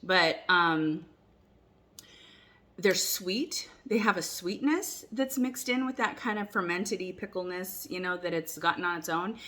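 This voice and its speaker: A woman with a voice pitched a little low talks through a casual kitchen taste test. She rambles and backtracks, full of fillers, and sometimes speaks with her mouth full. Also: a little slow, a bit bright. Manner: chatty and rambling, many fillers and restarts; talks while chewing food at times. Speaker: cooking vlogger.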